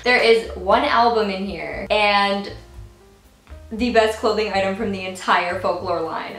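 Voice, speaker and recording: A young woman vlogging an unboxing at home, gushing and excitable, often squealing and laughing. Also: medium pitch, measured pace, roomy sound, soft background music, poor audio. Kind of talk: casual unboxing vlog.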